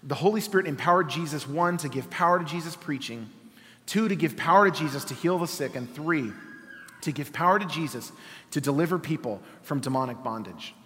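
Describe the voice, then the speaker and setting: A male preacher with a fairly high voice reads scripture and drives home his points with rhetorical questions. His voice carries a long reverb, as if spoken in a large hall. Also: expressive, brisk, a bit bright. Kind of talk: sermon with scripture reading.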